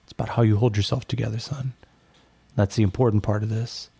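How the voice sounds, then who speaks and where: A gruff, fatherly old general, voiced by a man, speaks low and mellow with a gravelly edge. He talks calmly and folksily, like a veteran leader in a tabletop role-play. The sound is dry and close. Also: brisk, no room sound. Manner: calm, folksy, calls others son. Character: gruff aging male army general, fatherly.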